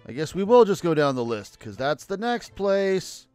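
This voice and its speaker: A man's voice: high voice, big pitch swings, normal speed, darkish tone, smooth, dry recording. A man streaming a video game, joking and chatting casually as he plays. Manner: joking, chatty, laughs often. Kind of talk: casual let's-play commentary. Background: faint game music.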